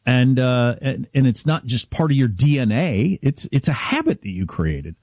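A man's voice: medium pitch, sing-song, moderate pace, no echo, highs cut off. A middle-aged man co-hosting a radio talk show, chatting casually and self-deprecatingly. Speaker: radio co-host.

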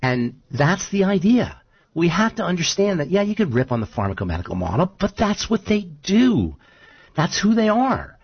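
A man's voice: high voice, very animated, normal speed, husky, no echo. A man hosting a casual chat, talking animatedly and leaning on rhetorical questions. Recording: dull lo-fi recording.

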